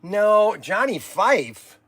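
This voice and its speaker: A man's voice: high-pitched, big pitch swings, extremely slow, a bit bright, dry recording. An older man hosting a livestream, rambling and exasperated, sighing while he chats. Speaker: livestream host.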